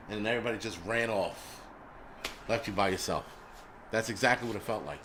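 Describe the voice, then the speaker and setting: A man's voice: fairly low pitch, quick pace, background noise. A middle-aged man, hosting a live stream in casual chat, blunt and profane as he vents.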